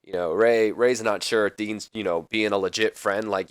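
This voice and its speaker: Low-voiced casual let's play man. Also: steady tone, moderate pace, hardly any pauses, clear, resonant tone, no echo, clean studio sound. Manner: rambling, casual, mildly profane. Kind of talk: casual game commentary.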